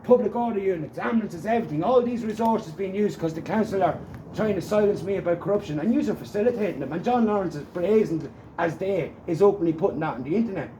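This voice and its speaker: Irish guy, pretty high voice, worked up and pushy, keeps repeating himself, bit of faint hiss behind. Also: animated, fast, mellow, roomy sound, rough recording. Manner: agitated, insistent, repeats demands. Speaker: complainant at a police station. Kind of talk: heated confrontation, filmed.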